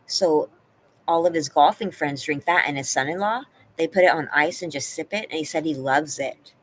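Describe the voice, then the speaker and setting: A woman's voice: deep voice, a little hiss or hum, poor audio. A woman hosting a live stream from home, chatting casually and answering her viewers by name. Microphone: laptop.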